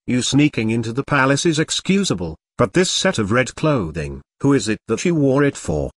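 A stern old matriarch of a noble house in an audio novel, measured and reproving, as a male narrator reads her. The voice stays mid-pitched and close, with a dry sound. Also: sing-song, no echo.

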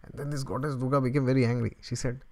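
Middle-aged male spiritual teacher, animated storyteller, laughs a lot, mid-pitched, chatty. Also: fast talker. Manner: chuckles often, animated and conversational, asks rhetorical questions. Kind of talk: scripture storytelling lesson.

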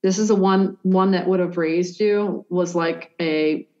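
A woman psychic medium giving a reading in a hesitant, halting way, full of "like" and restarts. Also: on the low side, steady tone, darkish tone. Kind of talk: conversational reading for a sitter. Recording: dull lo-fi sound.

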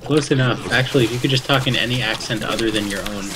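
A man's voice: mid-range voice, fast, noisy background. A man on a voice call, chatty and egging his friends on.

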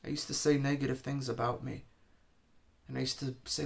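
A man's voice: medium pitch, measured pace, gravelly. A man preaching an informal sermon, urging listeners with earnest, repeated exhortations.

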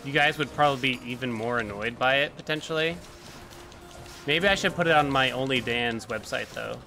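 Male streamer, casual running commentary, bright tone, game music underneath. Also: mid-range voice, a little fast. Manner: chatty, reacts aloud to the game.

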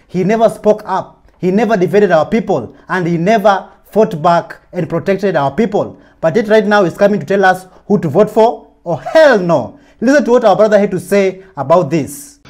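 A man's voice: high voice, a little mellow. A man hosting a video channel, giving indignant opinion commentary. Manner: indignant, preachy. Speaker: channel host.

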